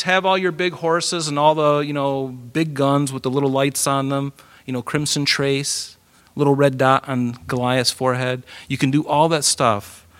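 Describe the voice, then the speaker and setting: A man preaching a sermon as pastor, animated and playful, acting out quotes with humor. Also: medium pitch.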